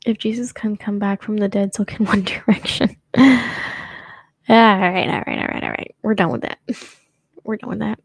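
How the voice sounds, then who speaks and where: An American young woman hosts a show in casual conversation, rambling, poking fun at herself, and laughing often. Her gravelly voice is medium in pitch with a steady tone and normal speed, broken by long pauses, and the recording has no echo.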